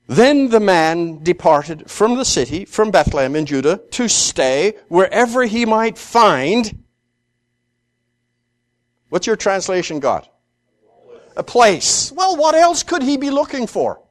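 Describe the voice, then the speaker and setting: Animated high-voiced male Bible teacher. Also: takes it slowly. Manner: animated, acts out the characters' lines with rising pitch; repeats words while thinking aloud. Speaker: preacher teaching scripture.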